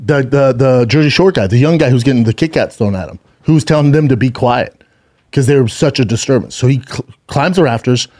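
A man's voice: mid-range voice, a little fast, a little mellow. A man co-hosting a casual podcast, spinning a long story. He acts out every quote with gusto and curses freely as he goes. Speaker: podcast co-host.

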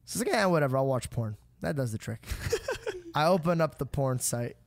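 Young man telling a story, animated. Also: on the high side, normal speed, no room sound. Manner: animated, swears freely, acts out quotes. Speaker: podcast host. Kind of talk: casual storytelling chat.

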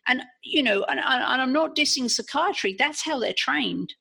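An English-accented woman speaks with a gravelly, slightly husky voice. She tells her story as a podcast guest in a frank, earnest way, circling back and restarting as she thinks aloud. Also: sits high, expressive, normal speed, few pauses, sharp tone. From England. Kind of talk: personal storytelling in an interview.

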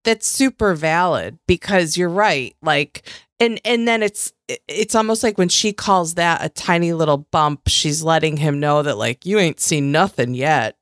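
A woman's voice: sits low, animated, unhurried, dry recording, clean studio sound. A woman co-hosting a podcast, chatting casually with lots of fillers and playful quoting. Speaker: podcast co-host. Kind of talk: casual chat recapping a reality show.

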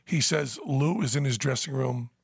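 A man telling a story in casual podcast chat, animated and breaking into high laughter. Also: moderate pace, vocal fry, slightly rough, dry recording, studio quality. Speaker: podcast host. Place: Las Vegas.

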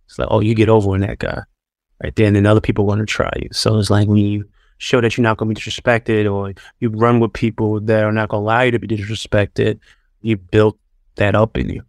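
Delivering his stories quickly, a little fast, in a flat, lowish voice, this former pro basketball player from New York speaks as a guest. His casual interview manner is full of fillers and restarts, and the recording has no echo.

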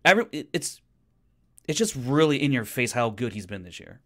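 Man co-host, animated and halting. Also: medium pitch. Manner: animated, halting, restarts sentences. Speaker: podcast co-host. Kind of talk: casual chat.

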